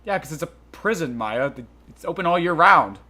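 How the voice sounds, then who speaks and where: A man's voice: fairly high pitch, lively intonation, fairly quick, pushed and bright. A man voicing a flustered young male defense lawyer with exasperated, stammering retorts.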